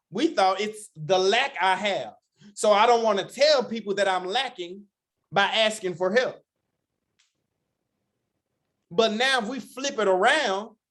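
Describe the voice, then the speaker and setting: A man with a fairly high voice hosts the call and delivers an emphatic motivational message. He speaks like a preacher, driving his points home with rhetorical questions. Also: a bit bright. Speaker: host. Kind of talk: motivational group talk.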